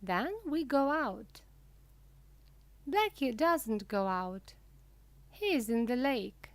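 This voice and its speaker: A woman reading a children's storybook aloud slowly and clearly for English learners. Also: dry recording. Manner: clear, deliberate reading with lively pitch. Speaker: reader.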